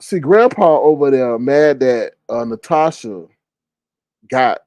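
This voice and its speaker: A man hosting casual gossip commentary, talking in an animated, incredulous way and swearing freely. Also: medium pitch, slow, dry recording, dull audio. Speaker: commentary channel host.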